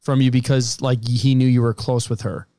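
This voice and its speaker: A man co-hosting a true-crime podcast, asking measured, careful questions. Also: mid-range voice, flat delivery, warm tone, no echo, studio quality. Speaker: podcast co-host. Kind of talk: investigative podcast interview.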